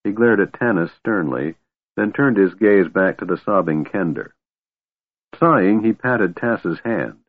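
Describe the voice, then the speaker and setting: A man reading fantasy fiction aloud in an expressive, measured storytelling manner. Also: deep voice. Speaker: audiobook narrator. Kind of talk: scripted fantasy narration. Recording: dry thin phone-like audio.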